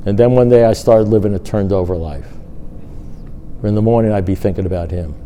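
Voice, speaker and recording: A man's voice: lowish voice, a little fast, dull audio. An older man speaking at a recovery meeting, telling a personal story and acting out the dialogue with his sponsor. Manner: storytelling, animated, acts out dialogue. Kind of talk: personal testimony talk.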